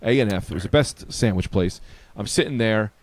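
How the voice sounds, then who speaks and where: A comedian on a podcast, telling a story in casual chat and acting out the other people in it. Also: male voice, fairly low pitch, a little fast, a little mellow, no room sound. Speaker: comedian guest.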